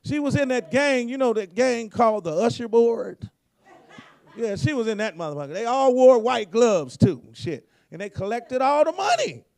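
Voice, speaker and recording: A man tells profane comedy stories in a high, gravelly, hoarse voice. He keeps it laid-back and acts out the people he quotes. The recording is dry and close. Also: big pitch swings, normal speed, darkish tone, no room sound. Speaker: guest comedian. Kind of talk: storytelling comedy.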